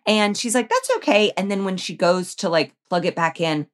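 A woman's voice: lowish voice, normal speed. A woman co-hosting a casual film review, playfully dramatic as she retells scenes. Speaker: podcast co-host.

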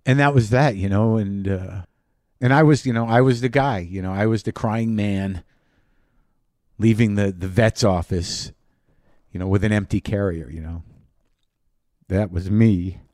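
Halting, dark-voiced man talking. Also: on the low side, no echo, studio quality. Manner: halting, many restarts and fillers. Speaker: podcast host. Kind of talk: personal monologue.

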